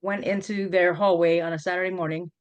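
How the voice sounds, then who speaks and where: A middle-aged woman interviewing an old college teammate, reminiscing in a lively, laughing, storytelling way. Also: on the low side, brisk, clean tone, muffled recording. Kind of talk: casual reminiscing conversation.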